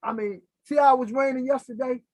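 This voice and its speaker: A middle-aged man from Philadelphia spins stories in a casual interview, lively and playing out every voice he quotes. His voice is husky and the room sounds dry and close, with no echo around him. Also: very high voice, fast. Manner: animated, acts out quoted voices, keeps checking in with "right?". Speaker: interview guest. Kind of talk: casual storytelling.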